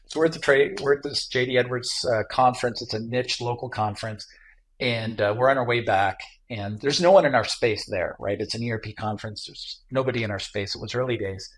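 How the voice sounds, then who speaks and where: A man's voice: medium pitch, fairly quick. A middle-aged man from Michigan, a tech entrepreneur guest, telling a travel anecdote in a casual interview, with lots of fillers and restarts. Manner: animated anecdote teller with many fillers.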